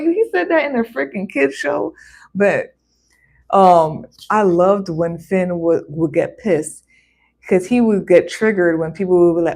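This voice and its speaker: A woman giving a casual tarot card reading, chatty and animated, breaking into exclamations and playful voices. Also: mid-range voice, a little slow.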